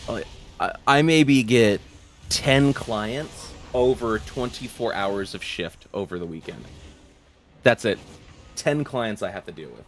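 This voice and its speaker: A man's voice: fairly low pitch, slow pace. A man streaming a game and chatting casually, rambling and swearing, with frequent laughs and restarts. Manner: rambling, profane, laughs often, many restarts. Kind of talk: casual chat while gaming.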